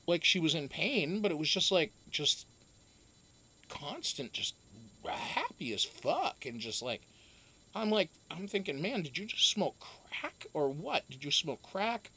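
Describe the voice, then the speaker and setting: A young man, a reality show houseguest, telling a casual story in a profane, animated way. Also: fairly high pitch.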